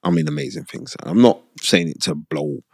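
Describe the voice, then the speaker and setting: Gravelly low-voiced man telling stories. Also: big pitch swings, moderate pace, a little mellow, no echo, studio quality. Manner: chatty, with frequent "you know what I mean?" asides. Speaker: former boxer, podcast guest. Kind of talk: casual interview storytelling.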